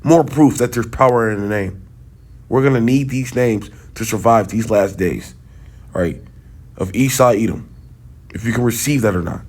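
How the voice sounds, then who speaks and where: A man's voice: fairly low pitch, normal speed, darkish tone, husky. Heated man teaching in loose talk. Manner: talks loosely, checks in with "right?" and "okay?"; turns heated and scornful. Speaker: religious teacher. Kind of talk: sit-down video teaching.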